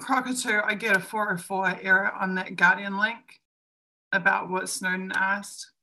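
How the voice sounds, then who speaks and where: A woman's voice: mid-range voice, little pitch movement, normal speed, creaky, sharp tone. A woman co-hosting a live-streamed discussion, speaking emphatically and acting out other people's lines as she argues her views. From New Zealand. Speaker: co-host.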